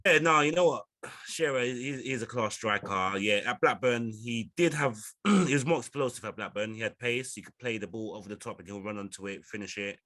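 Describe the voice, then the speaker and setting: A man giving his views as a podcast guest, emphatic and lively. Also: mid-range voice, a little fast. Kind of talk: casual chat.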